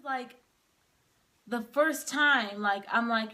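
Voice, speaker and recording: A young woman with a bright, fairly high voice tells a personal story straight to camera. She talks casually, drops "like" throughout, and gets caught up in what she is reliving. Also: lively intonation, normal speed. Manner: casual, heavy use of "like", emotional retelling.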